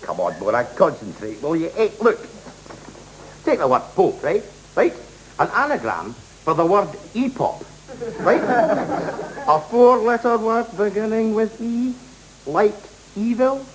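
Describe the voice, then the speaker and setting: A man's voice: sits high, very animated, unhurried. An actor playing an indignant, bigoted middle-aged husband who rants at his wife in a TV sketch. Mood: ranting. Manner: indignant ranting. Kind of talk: 1980s TV sketch comedy. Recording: noisy old TV broadcast.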